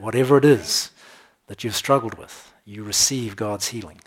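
A man preaching a sermon, reading scripture with slow, stressed phrases and chatting to his listeners between verses. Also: fairly low pitch. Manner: conversational asides with soft laughs.

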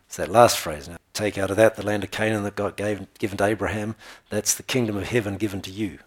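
A man's voice: fairly low pitch, steady tone, breathy edge. Man preaching, reading scripture aloud. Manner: reads verses louder and slower, then explains in plain asides.

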